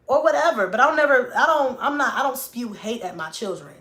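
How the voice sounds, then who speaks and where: A woman's voice: fairly high pitch, lively intonation, fairly quick, hardly any pauses, a bit bright, reverberant. A woman in her thirties, a mom vlogger chatting casually, blunt and profane, talking back to critics. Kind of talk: casual livestream-style chat.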